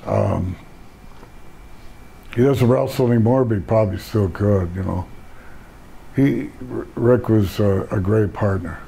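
A man's voice: on the low side, a little slow, gravelly, long pauses, dark tone, a little hiss or hum. An older man, a retired pro wrestler, telling rambling laid-back stories in a casual interview and laughing at his own jokes.

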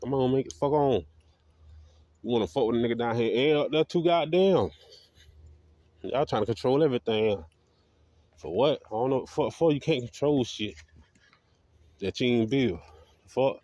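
A man's voice: mid-range voice, expressive, normal speed, pauses often, mellow, no echo, highs cut off. Profane, defiant man ranting. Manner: profane, defiant, repetitive street talk. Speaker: video blogger. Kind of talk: ranting monologue to camera.

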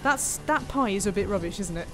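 A woman's voice: mid-range voice, expressive, fairly quick, music in the background. A woman, chatting playfully while streaming a city-building game live, thanking viewers and talking to herself as she plays. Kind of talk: live-stream gameplay commentary.

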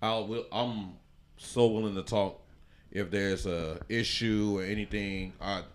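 A man's voice: on the low side, fairly even intonation, a little slow. A man from Chicago, a podcast guest, telling his life story in a loose, rambling way with many restarts and fillers. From Chicago, USA. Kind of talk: casual interview storytelling.

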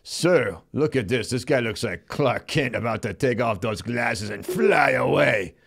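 A man's voice: mid-range voice, animated, unhurried, creaky, a bit bright, slight background noise. A man playing a brash, goofy male show host in a Stallone style, speaking in a mumbling tough-guy drawl on a live comedy show. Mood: jokey. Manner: goofy, cheerfully bossing the sidekick and crew.

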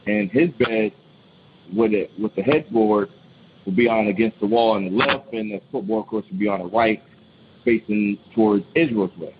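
A man calling in to tell a true ghost story in casual, rambling speech, full of restarts and repeats, getting animated when he quotes others. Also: fairly low pitch, moderate pace, phone-quality sound, slight background noise. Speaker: caller. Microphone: phone call.

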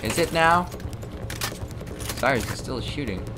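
Unhurried and lively in intonation, a mid-range male voice delivers playful, self-mocking let's play commentary on a shooter for his gaming channel. Music runs in the background while loud gunfire from the game covers his voice.

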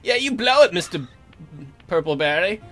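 A man's voice: high voice, sing-song, moderate pace, a bit bright, soft background music. A man hosting a let's play, giving casual, jokey commentary and reacting aloud to the game.

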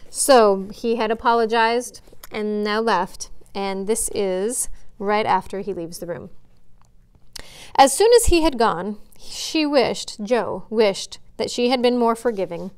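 A woman, a children's librarian, reading a chapter book aloud in a friendly, measured way. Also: medium pitch, smooth.

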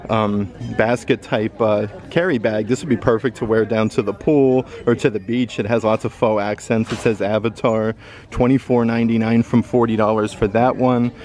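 A man's voice: fairly low pitch, steady tone, normal speed, darkish tone. A man vlogging a casual shopping walkthrough in a store, chatty and upbeat as he reads out prices. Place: indoor retail store.

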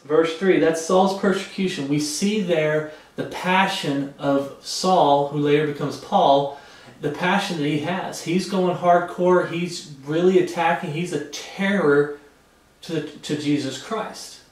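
Man, preacher, reads scripture then explains it casually, fairly high voice, very echoey room, distant mic. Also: slow pace. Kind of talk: sermon Bible study.

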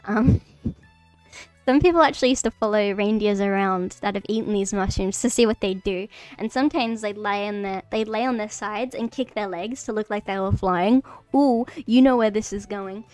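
Woman streamer, mid-pitched, smooth voice, nervous giggly rambling, soft music under her. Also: moderate pace, no echo. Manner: giggly, rambling, many fillers and restarts. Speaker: streamer teaching mycology. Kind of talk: casual livestream lesson. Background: faint background music.

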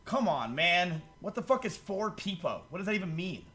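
A man streaming casually, talking to his chat in an animated way and swearing freely. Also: sits high, moderate pace, over music. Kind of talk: casual livestream commentary.

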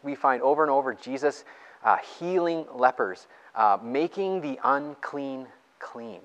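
A man preaching a sermon in a church and reading scripture aloud. He talks in an excited, chatty way and laughs between his points. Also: mid-range voice, in a large hall. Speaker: pastor.

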